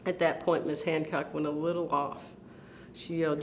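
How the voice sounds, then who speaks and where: Brief: educator telling her own story onstage, earnest, deliberate pauses. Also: low-pitched, little pitch movement, slight background noise. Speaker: school principal giving a talk. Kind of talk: personal storytelling talk.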